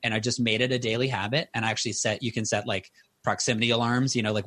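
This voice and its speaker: A man in his thirties, a guest author on a podcast, telling personal stories in a casual, animated way. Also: fast talker. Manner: animated storyteller, rises in pitch for quotes. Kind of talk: casual interview storytelling.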